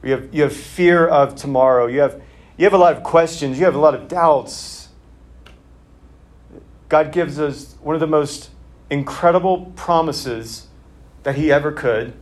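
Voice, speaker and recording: A man's voice: fairly high pitch, a little slow. Man preaching a conversational sermon. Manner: conversational, with fillers and restarts. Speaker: pastor.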